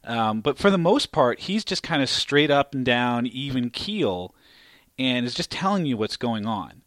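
A man hosting a relaxed podcast, loose and joking, who laughs easily between his lines. His voice is mid-pitched, and the close mic leaves it dry, with no room sound. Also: a little slow, no room sound. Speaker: podcast host. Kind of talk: casual chat.

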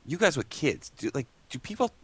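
A man's voice: a little high, very animated, fairly quick, breathy edge, dry recording. A man co-hosting a casual chat, blunt and grumbling, swearing freely. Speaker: podcast co-host.

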